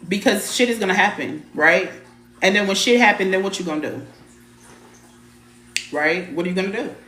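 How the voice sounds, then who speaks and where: A woman's voice: mid-range voice, normal speed, a bit bright. Blunt, repetitive woman in a roomy space. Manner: blunt, emphatic, repeats phrases, mild swearing; chats to viewers by name. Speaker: spiritual reader hosting a live stream. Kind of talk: casual live-stream spiritual teaching.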